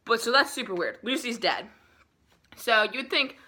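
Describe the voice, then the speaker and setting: A woman's voice: mid-range voice, normal speed, sharp tone. A young woman vlogger giving a casual, profanity-laced book summary, rambling with lots of fillers. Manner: chatty, profane, filler-heavy storytelling.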